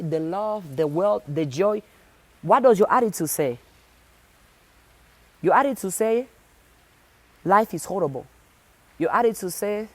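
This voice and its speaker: A woman delivers a motivational talk straight to her audience. She is insistent and repeats key phrases to drive them home, at a mid pitch for a woman. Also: darkish tone. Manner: speaks to the viewer directly. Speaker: motivational speaker.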